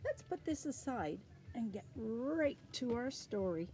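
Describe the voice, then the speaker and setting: A Canadian woman reads a picture book to little children, drawing out her words slowly. Her voice sits fairly high and swoops up and down in a sing-song way as she points things out on the page. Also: slight background noise. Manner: slow, sing-song and expressive, talking to kids. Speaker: early years storyteller. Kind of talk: reading a picture book aloud to young children.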